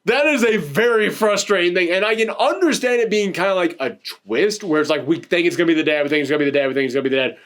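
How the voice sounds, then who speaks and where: A man's voice: sits high, animated, quick pace, few pauses, a bit bright. A man hosting a casual film review chat, rambling and laughing often while sitting on a couch. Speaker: podcast host reviewing films.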